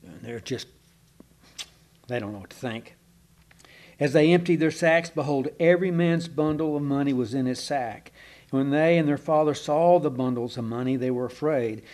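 A man's voice: medium pitch, normal speed, a little mellow. A man preaching a sermon, reading scripture aloud and stopping for casual asides. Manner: reads scripture aloud, breaking off for conversational asides.

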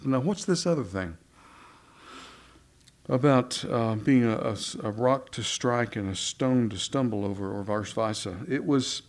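A man delivers a sermon in a relaxed, folksy manner. He speaks at an ordinary pitch and talks to his listeners as if chatting with them, breaking off into asides and plain everyday examples. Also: measured pace. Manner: conversational, folksy preaching with restarts and asides. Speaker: preacher.

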